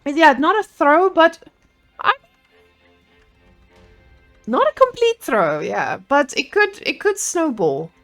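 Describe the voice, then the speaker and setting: A woman casting a live strategy game match with a playful, excitable, jokey manner, speaking into a handheld microphone. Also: high voice, takes it slowly, pauses often, faint music behind. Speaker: esports caster.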